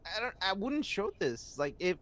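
Lively, bright-voiced, laughing podcast man. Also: high voice, normal speed, no echo. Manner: laughing often, stammering restarts. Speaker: podcast co-host. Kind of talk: casual chat.

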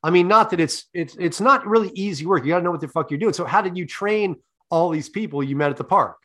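High-voiced profane podcast host. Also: male voice, quick pace. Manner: deadpan, profane, leading questions. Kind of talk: comic interview.

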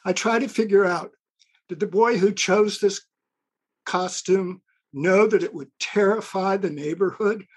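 A woman storyteller telling a story on stage in a deliberate, deadpan way. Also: medium pitch, husky. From Evanston, Illinois, USA. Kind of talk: live storytelling.

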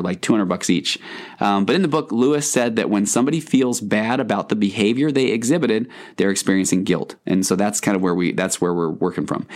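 A man hosting a podcast as a counselor, talking in an earnest, conversational and meandering way. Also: fairly low pitch. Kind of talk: podcast monologue.

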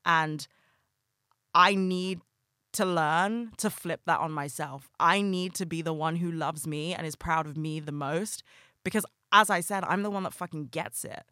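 A woman's voice: deep voice, unhurried, bright, forceful tone, no echo, studio quality. A woman hosting a solo podcast, talking candidly and emotionally, swearing often. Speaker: podcast host.

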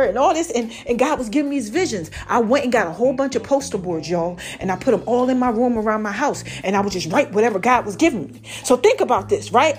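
A woman's voice: a little high, animated, fast talker, hardly any pauses, soft background music. Chatty woman preaching a story. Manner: chatty, keeps asking "right?". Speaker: podcast host. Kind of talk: casual sermon-style storytelling.

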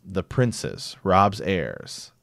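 A man reading aloud the lines of a dying old maester, slow and faint. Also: deep voice, big pitch swings, vocal fry, a bit bright, no room sound, studio quality, full character voice. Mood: weak, dying. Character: dying old male maester, weary and gentle.

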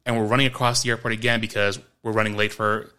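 A man's voice: fairly low pitch, fast, smooth. A man from New York, co-hosting a podcast, telling a story in a casual chat, acting out quotes and laughing as he goes. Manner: animated, acts out quotes, laughs mid-story. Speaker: podcast co-host.

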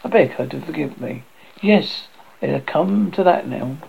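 A man reads a classic horror story in a theatrical, expressive way, taking his time, his voice husky, gravelly, and a little high. The audio is dull, and he occasionally stumbles before restarting.

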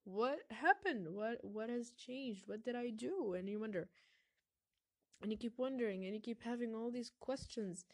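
A woman hosting a solo podcast, talking reflectively with many pauses and fillers while her voice is sick. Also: on the high side, no room sound. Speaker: podcast host.

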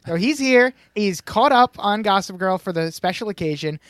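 A young man with a high voice hosts a casual podcast recap, chatty and rambling, often restarting his sentences. The sound is dry and close, with no room around it. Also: animated, a little fast, fairly bright tone, dry recording. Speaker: podcast host.

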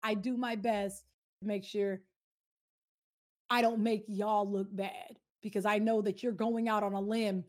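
A woman's voice: mid-range voice, little pitch movement. A woman streamer answering a viewer question in casual, heartfelt chat, rambling and earnest with slangy talk. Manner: rambling, earnest, slangy, quick swings to loud.

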